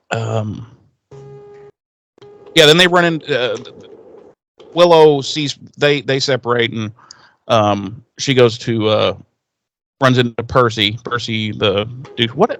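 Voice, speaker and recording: A man's voice: medium pitch, a bit bright. A man co-hosting a podcast, casually recapping an episode and acting out the characters' lines in a raised, swearing voice. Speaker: podcast co-host.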